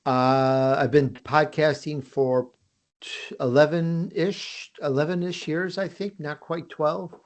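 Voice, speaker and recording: A man's voice: a little high, steady tone, takes it slowly. An American man talking casually as a podcast guest. He promotes his own work in a chatty way, with frequent restarts and fillers. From United States. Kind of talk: casual interview talk.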